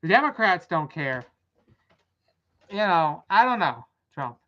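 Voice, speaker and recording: Young woman ranting casually, kinda low voice, swears a lot, muffled lo-fi audio. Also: sing-song, takes it slowly, a bit bright. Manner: blunt, swearing, exasperated ranting. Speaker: vlog host. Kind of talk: casual rambling commentary. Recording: dull lo-fi audio.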